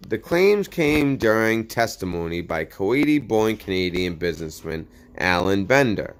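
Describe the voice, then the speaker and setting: A man hosting a commentary channel, reading news articles aloud and breaking in with sarcastic asides, sometimes stumbling over words. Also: lowish voice. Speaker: political commentary channel host.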